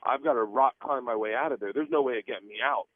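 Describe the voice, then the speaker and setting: A man's voice: mid-range voice, fast, dry recording. A man in his forties telling a story in a radio interview, calling in by phone and laughing as he talks. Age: 40s. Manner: animated, laughs through his own story. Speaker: guest comedian. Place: on a plane, then an airplane lavatory. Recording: tinny dry phone line.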